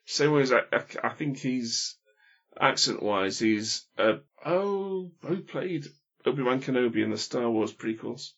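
Husky man, muffled sound. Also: mid-range voice, expressive, unhurried. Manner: hesitant, many restarts, opinionated. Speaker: film podcast panelist. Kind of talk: casual chat. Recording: dull lo-fi sound.

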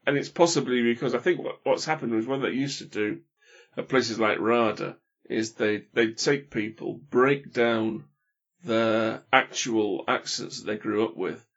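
A man gives his opinions in a relaxed film chat, often tripping over his words and restarting. His voice is husky, and the recording sounds dull and lo-fi. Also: medium pitch, measured pace. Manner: hesitant, many restarts, opinionated. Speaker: film podcast panelist. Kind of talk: casual chat.

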